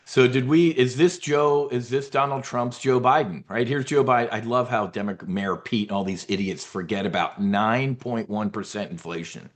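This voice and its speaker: A man's voice: medium pitch, normal speed, hardly any pauses. Brief: cocky male market commentator, rambling, full of himself, off-the-cuff delivery. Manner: brash, boastful, rambling. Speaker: trading newsletter host.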